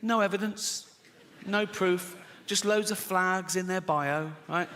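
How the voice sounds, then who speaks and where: A man's voice: sits high, slow pace, big-room sound, background noise. A man doing a stand-up routine, sardonic and sweary, often breaking into laughter. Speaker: comedian.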